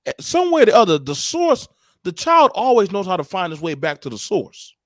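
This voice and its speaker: A man telling stories on a podcast, emphatic and animated, with plenty of profanity. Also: high voice, a little fast, no echo. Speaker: podcast co-host. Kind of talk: casual podcast discussion.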